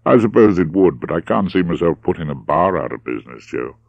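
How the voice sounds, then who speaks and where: A man reading a young, frank, quick-tempered woman's lines, slightly raised in pitch. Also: animated, gravelly, no room sound, dull audio, heavily acted. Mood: easygoing.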